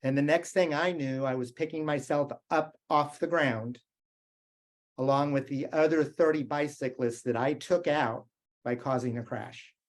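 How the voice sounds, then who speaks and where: A man's voice: a little high, fairly even intonation, measured pace. A middle-aged man from the United States giving a motivational keynote, telling stories in a conversational way and asking the audience questions. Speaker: keynote speaker.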